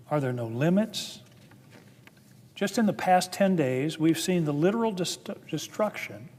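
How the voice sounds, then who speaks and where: A man's voice: high voice, darkish tone. Man giving an earnest chamber speech. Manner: earnest, building emphasis. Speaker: senator. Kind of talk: formal floor speech. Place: legislative chamber. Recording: long reverb of a large chamber.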